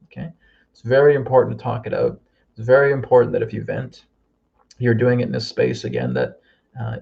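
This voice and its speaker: Man, gravelly voice, leads a guided healing meditation over muffled lo-fi audio, calm check-ins. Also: medium pitch. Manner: slow, soothing instructions with frequent "okay?". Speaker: healer leading a group healing.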